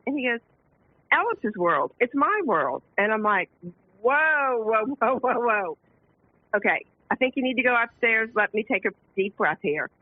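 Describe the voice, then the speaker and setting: A woman calling in to a radio show, telling a family story in an animated way, laughing often and acting out the quotes. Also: a little high, normal speed, no room sound. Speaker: caller. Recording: phone line.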